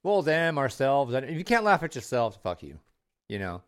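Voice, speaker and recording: A man's voice: mid-range voice, very animated, moderate pace, clear, resonant tone. A man from Texas co-hosting a podcast in casual chat, joking, swearing easily and laughing often. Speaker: podcast co-host.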